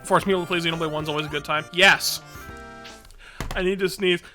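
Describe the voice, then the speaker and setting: Streaming a game over background music, this woman rambles through casual chat, poking fun at herself and laughing a lot. Her lowish voice is pushed and bright, fairly quick, with fairly even intonation.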